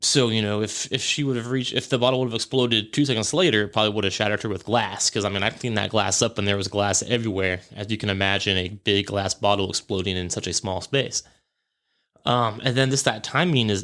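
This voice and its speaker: A man's voice: fairly low pitch, fairly bright tone. A man hosting a podcast, telling a story in a casual, rambling way and correcting himself as he goes. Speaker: podcast host. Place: home podcast room.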